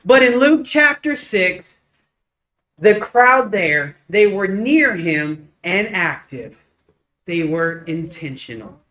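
A man preaching a casual, conversational sermon, telling stories with lively acted-out dialogue. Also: sits high, takes it slowly, poor audio. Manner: animated storytelling, acts out dialogue.

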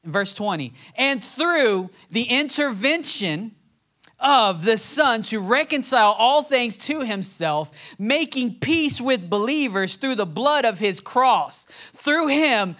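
A man's voice: very high-pitched, lively intonation, slow, pushed and bright. A man preaching a sermon, reading scripture aloud and building to emphatic, passionate points. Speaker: pastor.

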